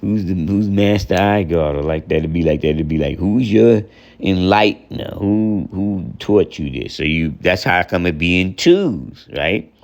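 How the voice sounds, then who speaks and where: A man with a low, gravelly voice teaches in a loose, rambling way. He ticks off terms one at a time, circles back over the same points and keeps checking that the listener follows. His voice has a rough, creaky edge throughout. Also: lively intonation, a little slow, a little mellow. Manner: spells out and counts off terms one by one. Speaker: teacher of religious lessons. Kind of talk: informal spoken lesson.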